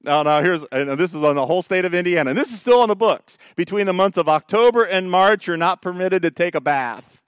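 A man preaching, animated and playful as he pokes fun at old rules. His voice is smooth and resonant and sits a little high. The sound is dry and close, with no room echo. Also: a little fast, hardly any pauses. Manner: animated, joking storyteller who mocks the Pharisees. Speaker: pastor. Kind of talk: sermon.

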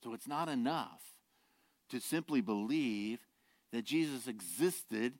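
A pastor preaching a sermon, earnest and direct, shifting from quiet, low asides to loud, emphatic declarations and rhetorical questions. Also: male voice, lively intonation, slow pace, pauses often, dry recording, studio quality. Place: church.

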